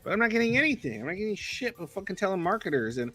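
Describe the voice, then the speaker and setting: Young guy ranting on a stream, swears constantly, bright pushy voice, a bit of music in the back. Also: sits high, sing-song, racing, slightly rough. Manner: profane, exasperated ranting with heavy swearing. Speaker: livestream co-host. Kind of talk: casual livestream chat.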